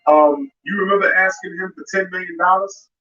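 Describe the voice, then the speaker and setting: A man's voice: sits high, fairly even intonation, a little fast, bright, forceful tone. A man hosting a live boxing show, ranting in a confrontational way and speaking straight at a fighter. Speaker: boxing commentary host. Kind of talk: live commentary rant. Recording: roomy, distant, dull sound with music behind.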